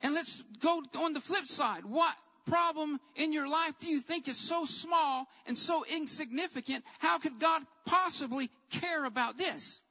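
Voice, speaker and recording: A man preaching a sermon as a Bible teacher, with an emphatic, repetitive cadence that rises to shouts. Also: very high-pitched, a little slow, few pauses, big-room sound, dull audio.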